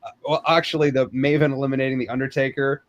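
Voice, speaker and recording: A man co-hosting a podcast, talking in a relaxed, casual way, full of "like" and hedges. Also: medium pitch, fast talker, lo-fi sound. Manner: relaxed, lots of likes and hedges. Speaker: podcast co-host. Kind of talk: casual chat.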